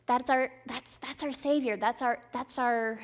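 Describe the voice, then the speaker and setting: A woman in her thirties delivers a sermon with a slightly high voice. She preaches in an earnest, conversational way and keeps checking in with the listeners. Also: steady tone, unhurried. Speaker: speaker at a church service.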